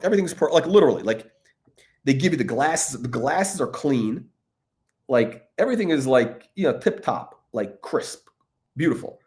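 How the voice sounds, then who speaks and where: A man's voice: medium pitch, lively intonation, moderate pace, darkish tone. A man talking in a rambling, profane monologue, with many fillers, restarts and laughs between remarks. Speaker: watch commentator.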